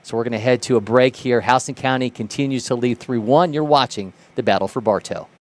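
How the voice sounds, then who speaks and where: A man's voice: medium pitch, brisk. A man calling live play-by-play for a baseball broadcast, lifting his voice sharply on big plays. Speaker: play-by-play commentator.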